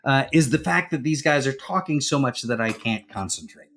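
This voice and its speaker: A man's voice: mid-range voice, animated, moderate pace, fairly bright tone. A man co-hosting a podcast, telling loose, self-mocking stories in casual chat. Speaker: podcast co-host.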